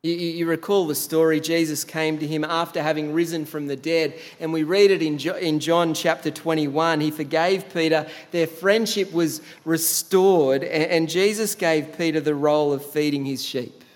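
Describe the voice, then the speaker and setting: A man's voice: on the high side, fairly even intonation, normal speed, hardly any pauses. A man preaching a sermon as a pastor, telling the story in a conversational way. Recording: long hall reverb.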